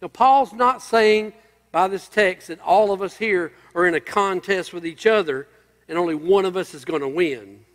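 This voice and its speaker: A man's voice: high voice, a bit bright, long reverb tail. A male pastor preaching a sermon, emphatic and building through repeated phrases.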